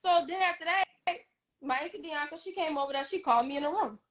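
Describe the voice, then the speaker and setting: A young woman telling a personal story on a live stream, animated and emphatic, acting out what others said. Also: high voice, quick pace, dull audio. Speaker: guest.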